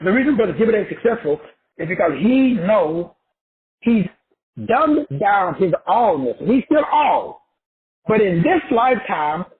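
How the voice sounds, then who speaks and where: Raspy high-voiced man lecturing over a phone-like call. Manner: emphatic and repetitive, stretching key words out slowly. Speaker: motivational teacher. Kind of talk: profane motivational lecture on a group call. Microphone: call audio.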